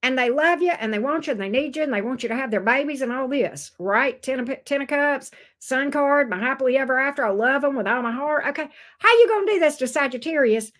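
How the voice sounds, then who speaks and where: A woman's voice: sits high, lively intonation, brisk, few pauses, fairly bright tone. A woman giving a casual tarot reading, blunt and sassy, swearing freely. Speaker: tarot reader.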